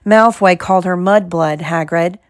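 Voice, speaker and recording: A woman doing a hoarse, queasy schoolboy. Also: lowish voice, normal speed, no room sound, clean studio sound, close to an everyday voice. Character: sick, sweaty teenage schoolboy. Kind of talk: audiobook character voice.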